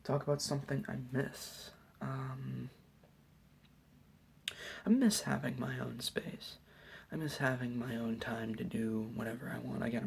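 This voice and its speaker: A young man giving a soft, hesitant, whispered ASMR Q&A at home late at night, rambling with lots of fillers. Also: mid-range voice, vocal fry, slight background noise. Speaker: YouTuber answering questions.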